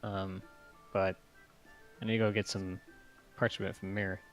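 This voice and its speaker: A man's voice: low voice, level tone, a little slow, soft background music. A man playing a tabletop game, talking in a casual, laid-back way. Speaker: player.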